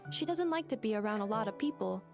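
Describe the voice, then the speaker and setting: An actress voicing a quiet, reserved young woman in a video game, speaking softly. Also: mid-range voice, lively intonation, fast talker, gravelly, soft background music. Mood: calm.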